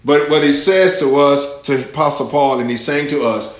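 A man preaching a sermon as pastor, slow and deliberate, rising with emphasis as he reads scripture aloud to his congregation. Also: a little high, fairly even intonation. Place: church hall. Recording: echoey church room.

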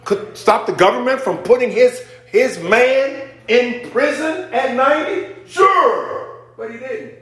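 A man preaching a sermon in church. He swings between hushed asides and near-shouted emphasis, with casual remarks to the congregation. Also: extremely high pitch, expressive, slow. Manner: informal, conversational asides with the congregation. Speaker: pastor. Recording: echoey church room.

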